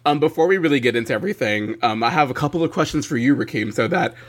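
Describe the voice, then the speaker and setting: A man's voice: mid-range voice, animated, rapid-fire. A young man hosting a podcast, upbeat and enthusiastic, with casual swearing. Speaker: podcast host.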